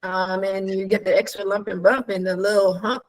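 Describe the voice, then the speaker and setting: Telling animated stories in casual conversation, a woman acts out quoted dialogue, laughs frequently and asks rhetorical questions. She speaks at medium pitch and normal speed, though the recording quality is low.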